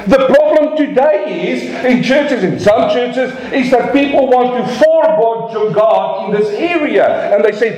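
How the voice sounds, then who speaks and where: A male pastor preaching with emphasis, throwing rhetorical questions at his congregation. His voice sits a little high and rings around a reverberant church room. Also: very animated, normal speed, a little mellow. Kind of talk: sermon.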